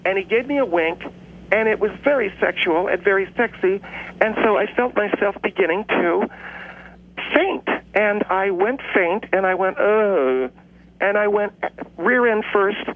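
A man voicing a boastful, combative woman who calls in, telling her story in a drawn-out way over a tinny phone line. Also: sits high. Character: brash Southern woman caller, boastful and combative. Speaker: caller.

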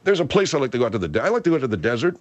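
A man hosting a talk radio show, riffing with animated comic exaggeration. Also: medium pitch, very fast, lo-fi sound. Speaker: radio host.

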